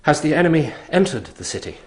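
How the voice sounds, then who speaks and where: An actor playing a sorrowful, resigned emperor speaking quietly and gravely in a radio drama. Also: male voice, on the high side, sing-song, fast.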